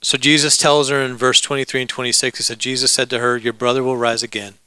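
A male pastor delivers a sermon in a bright, crisp voice. He preaches casually, mixing humor and asides to the congregation. The sound is dry and close. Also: mid-range voice, level tone, fast, dry recording, poor audio.

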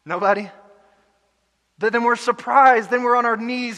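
A young adult man preaching a sermon earnestly, building to loud emotional peaks. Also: extremely high pitch, fairly even intonation, moderate pace, pauses often, big-room sound. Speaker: pastor. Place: church hall.

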